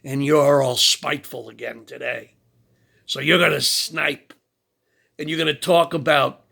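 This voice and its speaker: A man's voice: fairly high pitch, measured pace, creaky, pushed and bright. A man giving a combative, mocking political rant, lecturing his target about sin. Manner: preachy, invokes God and sin. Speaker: political commentator. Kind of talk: ranting commentary.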